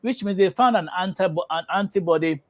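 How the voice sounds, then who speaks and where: A man's voice: high-pitched, a little fast, dry recording. A man hosting a health show, telling a lab prank story with many fillers and then reading out test result guidance.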